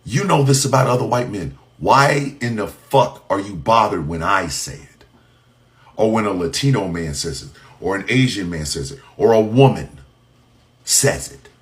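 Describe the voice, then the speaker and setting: In a mid-range voice, a man delivers an impassioned, profane monologue, shouting in bursts and firing off mocking rhetorical questions.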